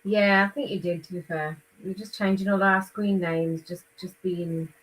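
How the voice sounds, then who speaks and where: A woman's voice: lowish voice, steady tone, normal speed, husky, rough recording. A woman bantering playfully in a casual group chat.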